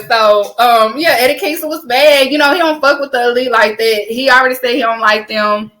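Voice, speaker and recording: Bright, high-voiced Southern woman. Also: brisk, few pauses, slight background noise. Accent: Southern American. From American South. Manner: animated storytelling, laughs often, swears casually. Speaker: podcast co-host. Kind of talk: casual chat.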